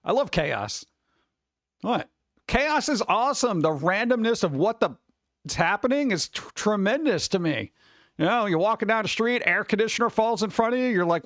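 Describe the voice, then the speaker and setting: A man's voice: high voice, lively intonation, normal speed, fairly bright tone, dry recording. A middle-aged man hosting a casual stream, rambling loosely, swearing and acting out the people he talks about. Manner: over-caffeinated. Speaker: streamer host. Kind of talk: casual rambling chat with viewers.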